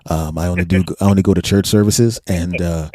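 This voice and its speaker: A man hosting a comedy podcast, chatting casually and joking with deadpan denials. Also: deep voice, a little fast, no room sound, clean studio sound.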